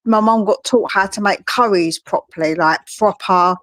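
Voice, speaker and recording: A woman's voice: mid-range voice, moderate pace. A woman chatting casually on a live stream, laid-back and full of "like" and "man". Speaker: guest on a live chat. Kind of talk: casual chat.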